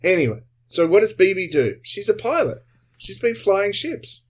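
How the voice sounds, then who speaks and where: A man's voice: high-pitched, very animated, moderate pace. A man co-hosting a comedy podcast, chatty and explaining at length with tangents. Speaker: co-host. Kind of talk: casual comedy podcast recap.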